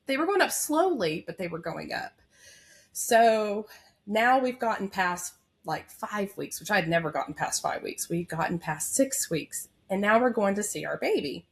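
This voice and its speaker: A woman's voice: medium pitch, expressive, moderate pace, creaky. A woman in her thirties, a nurse, telling her personal story as a podcast guest in a candid, heartfelt way with many fillers. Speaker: labor and delivery nurse. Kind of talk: emotional personal story in an interview.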